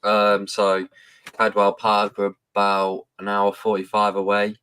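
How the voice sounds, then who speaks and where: A man's voice: on the low side, completely flat delivery, unhurried, bright, forceful tone, clean tone, dry recording. A man with a West Midlands English accent, a guest answering plainly in casual podcast chat. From England.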